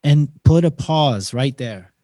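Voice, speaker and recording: Man, podcast guest, lively storyteller, acts out dialogue, dry close sound. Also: mid-range voice, takes it slowly, no echo. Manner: animated storyteller who acts out dialogue and often says "man". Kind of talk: casual conversation.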